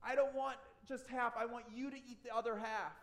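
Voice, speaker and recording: A man's voice: steady tone, normal speed, a bit bright. A man voicing a whiny five-year-old boy in a sermon story. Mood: whining. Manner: high whining child voice. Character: whiny little boy, about five, sulky.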